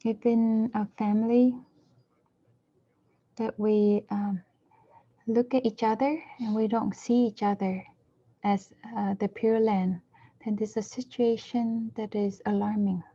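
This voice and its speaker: A woman interpreting a dharma talk, speaking in measured short phrases and now and then correcting herself mid-word. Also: mid-range voice, fairly even intonation, warm tone. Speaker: interpreter for a Buddhist teacher. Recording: dull lo-fi recording.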